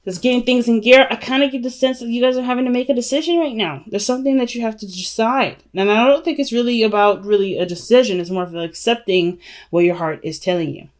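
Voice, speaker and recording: A woman's voice: a little high, fast talker. A woman giving a casual tarot reading to her viewers, chatty and emphatic, often saying "you know" and "right?". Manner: addresses viewers as "family" and "y'all". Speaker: tarot reader.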